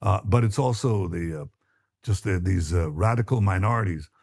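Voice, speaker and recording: Fields: Sex: man. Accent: Israeli. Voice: husky, fairly low. Role: politician giving interview answers. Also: a little mellow, dry recording, studio quality. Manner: halting, measured, many filler pauses, stern. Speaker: prime minister being interviewed. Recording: interview clip played in a reaction stream.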